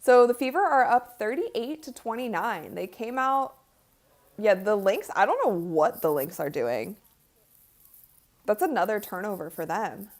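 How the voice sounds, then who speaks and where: A woman's voice: mid-range voice, sing-song, unhurried. A woman hosting a live-streamed basketball watch party, chatting casually and giggling as she comments and talks to her viewers.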